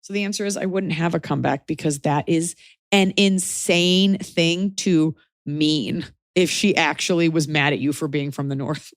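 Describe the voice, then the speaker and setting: A woman hosts a casual advice podcast, wry and opinionated as she talks things through. Her voice sits a little low, and the sound is close and dry with no room around it. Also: dry recording. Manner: wry and opinionated, slips into quick mock voices. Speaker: podcast host.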